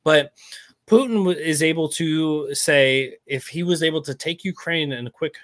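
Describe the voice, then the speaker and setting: Animated, rambling male podcast guest. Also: on the high side, moderate pace. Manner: animated, rambling, restarts often. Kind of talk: casual political talk.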